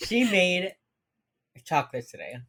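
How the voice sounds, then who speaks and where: A woman in young adulthood, her voice sitting low, chatting casually and laughing a lot. She co-hosts a podcast from a remote call setup. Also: takes it slowly. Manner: laughs often, relaxed and chatty. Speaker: podcast co-host. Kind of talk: casual chat. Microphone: remote video call.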